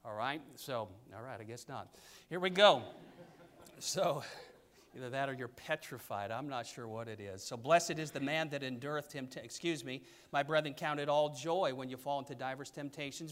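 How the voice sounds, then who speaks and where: A man's voice: fairly high pitch, moderate pace. Emphatic older male preacher. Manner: emphatic, pulpit cadence with sudden loud stresses. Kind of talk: sermon.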